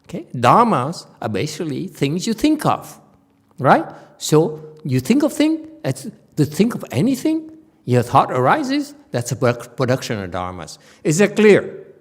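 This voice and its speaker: A man's voice: on the high side, huge pitch swings, measured pace, slightly rough. A male Buddhist teacher giving a dharma lecture, blunt and teasing, often mimicking his students' complaining voices. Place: temple lecture hall.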